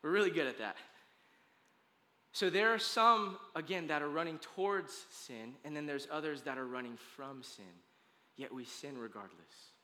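High, bright-voiced male pastor preaching. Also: moderate pace, in a large hall. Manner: conversational, emphatic preaching with casual slang and repeated restarts. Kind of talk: sermon. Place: church sanctuary.

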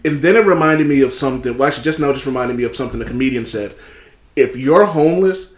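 Animated storytelling man in an echoey room. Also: mid-range voice, quick pace. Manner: animated, swearing, acts out quotes in other voices. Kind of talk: casual storytelling chat.

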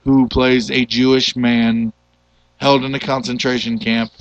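A man hosting a casual movie podcast, retelling a film plot in an animated, loose way with the odd curse. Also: mid-range voice, measured pace, dull audio. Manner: animated storyteller, loose and profane. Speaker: podcast host.

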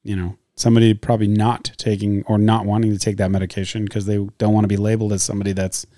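Mellow low-voiced man, careful clinician. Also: level tone, fast talker, no room sound, clean studio sound. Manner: careful, hedging, thinks aloud. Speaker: hospital clinician, podcast guest. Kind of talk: casual podcast conversation.

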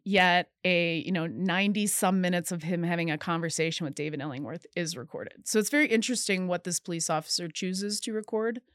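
A woman speaking in a lowish voice and telling her side of events in close detail. Her tone is earnest and at times emphatic, and the sound is dry and close with no room around it. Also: dry recording. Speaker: guest. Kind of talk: interview storytelling.

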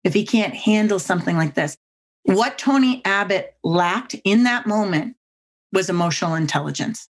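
A woman speaking as a podcast guest, telling lively anecdotes and acting out other people's lines with big jumps in pitch. She talks emphatically and comes back to her own catchphrases. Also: normal speed. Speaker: guest speaker on body language. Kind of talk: animated storytelling on a podcast.

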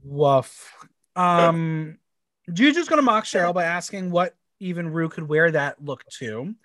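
Podcast co-host, man, high and very lively voice, dry close sound, camp and chatty. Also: a little slow, dry recording. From United States. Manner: animated, laughs often, camp and swearing. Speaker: podcast co-host recapping a TV show. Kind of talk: casual chat.

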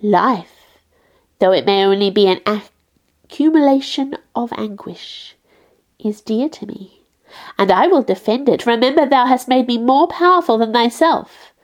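A woman's voice: a little high, animated, measured pace. Woman voicing an anguished towering creature. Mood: pleading. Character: anguished towering female creature, bitter and menacing. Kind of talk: audiobook reading.

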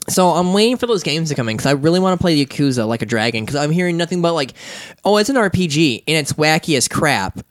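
A man's voice: fairly high pitch, sing-song, fast, dry recording. A man hosting a casual gaming podcast, rambling and joking, quoting movie lines. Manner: rambling, jokey, breaks into sung movie quotes. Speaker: podcast host. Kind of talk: casual chat.

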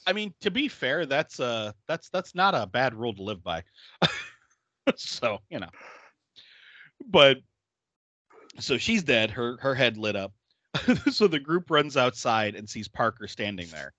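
Male host, bright lively voice, recapping a film with frequent laughter, dry close sound. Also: medium pitch, measured pace, pauses often, dry recording. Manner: laughs often while retelling scenes; acts out quotes in exaggerated voices. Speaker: podcast host. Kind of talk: casual movie recap chat.

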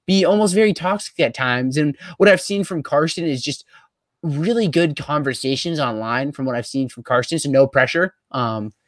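A man's voice: fairly high pitch, normal speed, dry recording. Upbeat young man hosting a podcast. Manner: upbeat, with frequent "um" and "like" fillers. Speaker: podcast host. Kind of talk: casual interview chat.

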